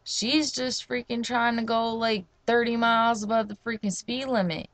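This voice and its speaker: A woman's voice: on the high side, normal speed, dry recording. A young woman from New Jersey telling slangy, profane stories in a casual vlog rant. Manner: slangy, profane, animated storytelling.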